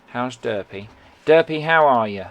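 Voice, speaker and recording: A man's voice: medium pitch, lively intonation, unhurried, a bit bright. A man, streaming a game in casual chat and teasing banter.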